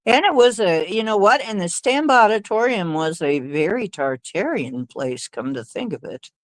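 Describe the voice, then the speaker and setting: A woman's voice: medium pitch, expressive, normal speed, no echo, rough recording. A woman hosting a livestream, telling stories in a rambling, hesitant way with many fillers and little laughs. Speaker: livestream host. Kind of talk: casual storytelling chat.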